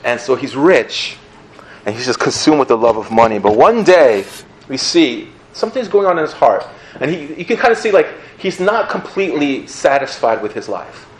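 A man preaching a sermon in a casual, animated storytelling manner, often laughing as he talks. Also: mid-range voice, moderate pace. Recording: roomy echo, faint ambience.

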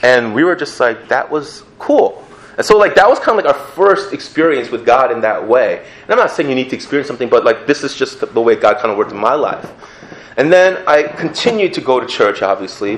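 A young man gives a personal testimony, telling his story in an animated, laughing way, then dropping to a hushed voice when recalling prayers. He speaks briskly at medium pitch, and the sound is roomy.

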